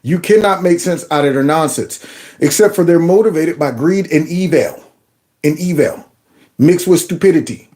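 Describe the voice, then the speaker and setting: A man hosting a political commentary show, talking over clips in an animated, mocking way and repeating phrases in a singsong. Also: fairly high pitch, normal speed. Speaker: commentary channel host.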